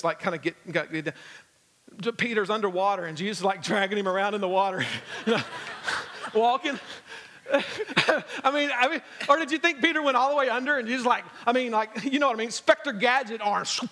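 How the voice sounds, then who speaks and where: Male guest preacher, high bright voice, animated storyteller, big reverberant church hall. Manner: animated storytelling with humor, acting out scenes. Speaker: guest pastor. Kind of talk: sermon. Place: church sanctuary. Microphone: handheld or stage microphone.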